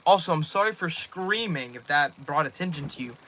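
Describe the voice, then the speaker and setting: A man's voice: fairly high pitch, animated, a little fast, bright, forceful tone. A nineteen-year-old man livestreaming from his bedroom, rambling casually and thanking viewers by name as he reads out chat.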